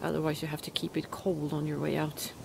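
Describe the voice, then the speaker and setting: A woman's voice: low voice, completely flat delivery, brisk, vocal fry, noisy background. A woman with a Swedish accent, chatting to viewers in a casual outdoor vlog while she cooks over a fire in winter, full of exclamations. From Sweden. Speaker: outdoor vlogger.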